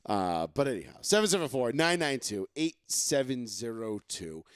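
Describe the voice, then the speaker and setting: A man's voice: mid-range voice, sing-song, normal speed, clean tone, no room sound. A man hosting a casual sports talk podcast, ranting and swearing, mocking fans, into a close mic. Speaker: podcast host.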